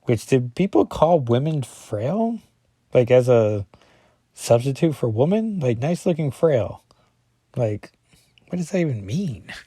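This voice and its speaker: A man's voice: mid-range voice, very animated, mellow, husky, no room sound, studio quality. A man reviewing a comic book, chatting casually and reading the dialogue aloud. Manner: rambling, chatty, many fillers and asides; reads dialogue in quick plain voices.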